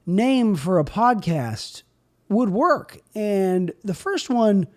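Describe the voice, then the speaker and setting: Rambling man hosting a solo podcast. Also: slow. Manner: absurd deadpan riffing, drifting in pitch and loudness. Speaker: podcast host.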